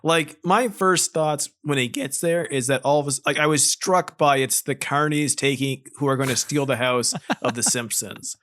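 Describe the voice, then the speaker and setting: A man's voice: mid-range voice, moderate pace, hardly any pauses, a bit bright. A man co-hosting a podcast in casual chat, making sarcastic jokes and swearing casually. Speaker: podcast co-host. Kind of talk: casual chat recapping a film.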